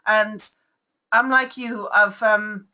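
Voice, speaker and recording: A woman's voice: medium pitch, fairly even intonation, slow, sharp tone. A woman hosting a webinar, coming back on to thank a speaker. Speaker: webinar host. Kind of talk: webinar talk. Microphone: video call. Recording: dull lo-fi web call audio.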